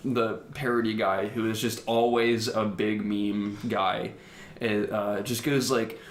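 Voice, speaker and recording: A young man co-hosting a podcast, telling high school stories in a casual, animated way and mimicking people in high voices. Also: slow pace. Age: young adult. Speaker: podcast co-host. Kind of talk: casual storytelling chat. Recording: roomy echo.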